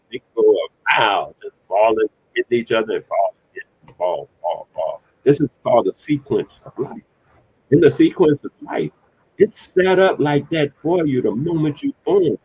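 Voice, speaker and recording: A man's voice: medium pitch, darkish tone, slightly rough. A man giving a blunt, colloquial motivational talk, preaching directly at the listener. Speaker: motivational speaker. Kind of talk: casual motivational monologue. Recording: tinny phone-like sound.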